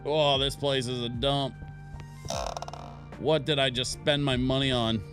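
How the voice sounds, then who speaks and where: A man's voice: mid-range voice, steady tone, unhurried, music in the background. A man casually playing a game on stream, reading on-screen text aloud and chatting as he goes.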